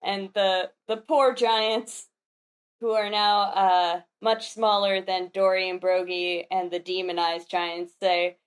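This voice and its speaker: A woman, a podcast panelist, recapping a comic chapter in animated, enthusiastic casual chat. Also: mid-range voice, slow pace.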